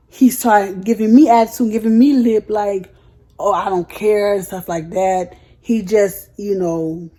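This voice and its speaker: Speaking in a mellow, mid-range voice, a young woman vlogger tells her viewers a story. Her retelling is casual, blunt and heated, and she uses plenty of slang.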